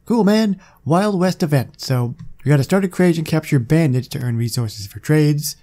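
A man's voice: fairly high pitch, normal speed, mellow. A man hosting a gaming video, chatting to himself casually as he plays. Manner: chatty, talking to himself while playing. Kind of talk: casual let's-play commentary.

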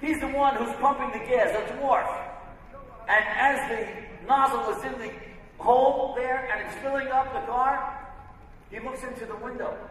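A man's voice: very high voice, steady tone, measured pace, a bit bright, slight background noise. A man, a rabbi, giving an inspirational sermon, telling stories emphatically. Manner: storytelling, emphatic. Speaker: rabbi and speaker. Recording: echoey hall from far off.

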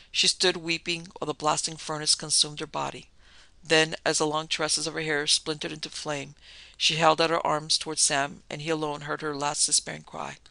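A man narrating classic horror tales with a bright, crisp tone roughened by a gravelly edge. His pitch sits a little high and barely moves, and the recording is close and completely dry. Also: no room sound, poor audio. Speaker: podcast narrator. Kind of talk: scripted horror story narration.

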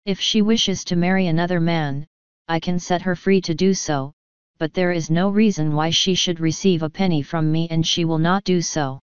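A cold aristocratic lord speaks in clipped, disdainful phrases, voiced by a woman reading an audiobook. The voice sits low and very clean. The recording is dry and slightly muffled. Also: steady tone, moderate pace, clear, resonant tone, dry recording, lightly acted. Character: cold sneering aristocratic English lord, middle-aged man.

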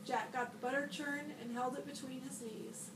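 High-voiced woman reading a storybook aloud. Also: normal speed. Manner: expressive storybook reading, bright shouts for the boy's lines. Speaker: school librarian. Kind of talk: reading a picture book aloud to children. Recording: echoey room, voice a bit far from the mic, audible noise.

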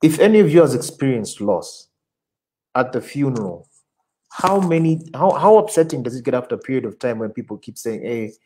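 A male creative director talking through questions from viewers in a relaxed interview. His delivery is animated and he often doubles back on words mid-thought. His voice sits at an ordinary pitch for a man. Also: brisk, a little hiss or hum, rough recording. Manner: animated, repeats words while searching for them. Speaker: advertising creative director, guest. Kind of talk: casual online interview, answering audience questions.

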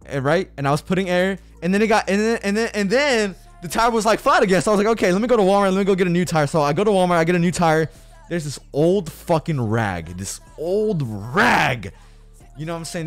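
Erratic, yelling young male streamer. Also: a little high, expressive, normal speed, no echo, soft background music. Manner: erratic, swings between yelling rants and mumbling. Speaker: livestreamer. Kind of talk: casual livestream chat.

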